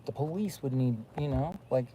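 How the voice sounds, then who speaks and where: A man's voice: mid-range voice, moderate pace, dark tone, muffled recording, a little hiss or hum. A man rambling in a casual monologue, full of fillers and restarts. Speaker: vlogger.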